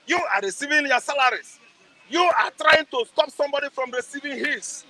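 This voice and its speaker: High, bright-voiced Nigerian man ranting. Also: normal speed, rough recording. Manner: preachy, asks rhetorical questions and answers them himself; repeats phrases for emphasis, sometimes shouting. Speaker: interviewee. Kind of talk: impassioned street interview rant.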